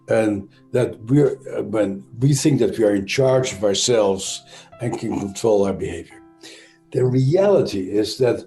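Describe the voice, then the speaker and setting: A man with a Dutch accent speaks as an interview guest. His voice is soft and mellow, and he explains at a measured, searching pace with pauses and restarts. The room adds a noticeable echo, and faint music sits in the background. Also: medium pitch. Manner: thoughtful, halting, frequent "uh" and self-corrections. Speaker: interview guest, trauma expert. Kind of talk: conversational explanation.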